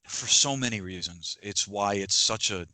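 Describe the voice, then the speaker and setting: A man's voice: lowish voice, normal speed, bright, forceful tone, dry recording, low-quality recording. A man co-hosting a podcast, speaking earnestly and with passion in casual film chat, often restarting his sentences. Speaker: podcast co-host.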